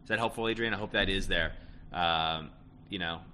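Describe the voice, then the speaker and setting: A man with a low voice gives casual relationship advice at a moderate pace, his tone sharp and emphatic. He keeps tagging lines with "right?" and repeating "end of story." There's a little hiss or hum in the recording.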